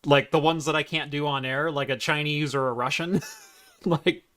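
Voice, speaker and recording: A man co-hosting a casual tech podcast, chatty, with halting restarts. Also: a little high, fairly even intonation, fairly bright tone. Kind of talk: casual chat.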